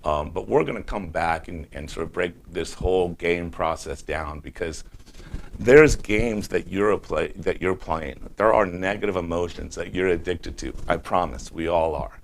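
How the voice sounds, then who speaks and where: Male self-mastery coach, deep and gravelly, casual lecturing, light noise floor. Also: moderate pace, hardly any pauses. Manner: conversational, acts out quoted voices. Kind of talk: teaching talk.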